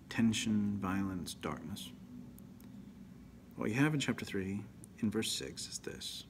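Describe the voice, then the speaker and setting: A man, a priest, giving an animated, emphatic Bible teaching that often drops to a near whisper. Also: on the low side, slight background noise.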